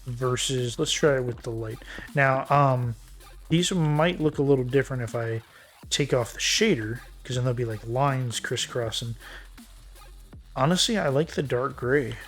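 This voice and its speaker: A man streaming a building game, thinking aloud in a relaxed, muttering way as he works. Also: medium pitch, moderate pace, faint music behind. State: hiccuping. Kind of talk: casual game commentary while building.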